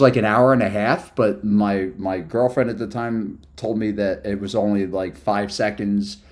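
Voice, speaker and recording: A man's voice: on the low side, a little mellow. A man chatting casually on a live stream, hyper and rambling from topic to topic after no sleep. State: sleep-deprived.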